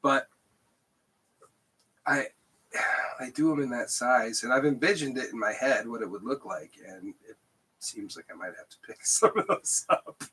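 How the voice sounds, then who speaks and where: A man's voice: mid-range voice, measured pace, pauses often, sharp tone, slightly rough. A man co-hosting a podcast, chatting casually and laughing often. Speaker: podcast co-host. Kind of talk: casual chat.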